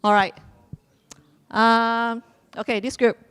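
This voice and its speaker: A woman's voice: fairly high pitch, little pitch movement, takes it slowly, a bit bright, clean tone. A woman hosting a live quiz at a community celebration, playful and repeating her instructions, laughing now and then. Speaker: quiz host.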